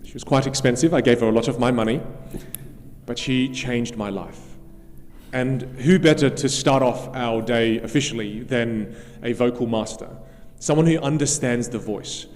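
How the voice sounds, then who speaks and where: A man's voice: medium pitch, moderate pace, a little mellow. A man hosting a live event, telling a personal anecdote on stage. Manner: anecdotal, with some restarts. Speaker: event host and speaker. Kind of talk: storytelling stage talk. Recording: long hall reverb, faint music behind.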